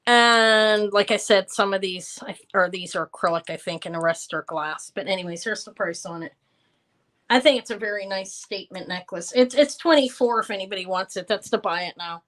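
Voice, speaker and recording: A woman in her fifties runs a live jewelry sale in a loose, rambling way. She drifts between describing necklaces and chatting with her viewers, thanking them as she goes. Her pitch sits in an ordinary middle range. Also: a little fast, a bit bright. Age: 50s. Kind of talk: casual live-stream sales chat.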